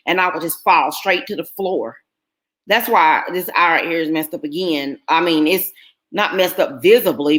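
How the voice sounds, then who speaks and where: Earnest bright-voiced woman vlogger. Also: on the low side. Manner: earnest, emotional, talks to viewers as y'all. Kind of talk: casual personal storytelling.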